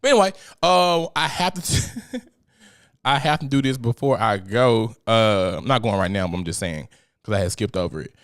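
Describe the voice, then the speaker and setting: With a fairly low pitch and lively intonation, the man speaks at normal speed while hosting a casual solo podcast. His rant is blunt, profane and joking, and he goes mock-preachy when speaking to God.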